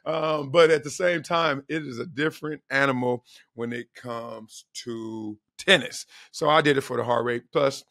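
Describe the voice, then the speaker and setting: A middle-aged male host talks in a loose, slangy way, laughing often as he tells his stories. His voice is hoarse, gravelly and tense with brightness. The sound is dry and close, with no room around it. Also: mid-range voice, normal speed, dry recording. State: hoarse from yelling. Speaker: show host. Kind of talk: casual solo vlog chat.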